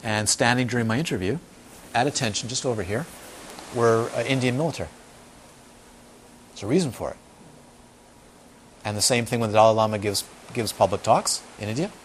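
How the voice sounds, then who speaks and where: A man's voice: mid-range voice, brisk, long pauses, slight background noise. A man giving an informal dharma talk as a meditation teacher, telling stories with emphatic repetition and acting out the voices of people he quotes. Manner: animated storytelling, acts out quoted voices.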